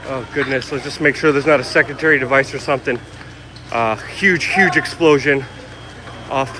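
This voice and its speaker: A man's voice: medium pitch, normal speed. Live on-scene reporter, man, shaken, keeps exclaiming; handheld camera outdoors, heavy street noise. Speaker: independent reporter.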